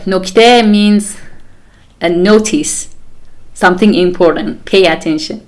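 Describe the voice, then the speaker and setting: A young woman speaks English with a Persian accent, teaching a live online lesson. Her pitch sits mid-range for a woman. She explains patiently, stops to give examples, and moves easily between English and Persian.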